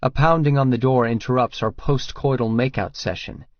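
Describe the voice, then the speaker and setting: A male narrator reads a first-person romance story in a steady, intimate voice at a middle pitch. The recording is dry and close. The sound is a little dull and lo-fi. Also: moderate pace, no room sound. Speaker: audiobook narrator.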